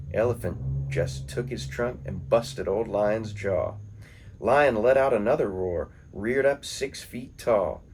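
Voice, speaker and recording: A man reading poems and folktales aloud in a calm, measured storytelling manner. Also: fairly low pitch, husky. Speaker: poetry reader.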